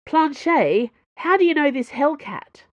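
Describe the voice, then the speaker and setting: A woman's voice: fairly low pitch, expressive, normal speed, no echo, dull audio, close to an everyday voice. A woman voicing a proud, guarded man taken captive, speaking curtly in an audiobook. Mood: gruff.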